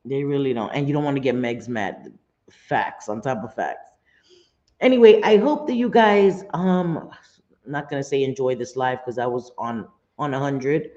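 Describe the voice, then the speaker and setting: This livestream host is a middle-aged woman with a bass voice and a warm tone, speaking at a moderate pace. She rambles casually, blunt and profane, over dull lo-fi stream audio.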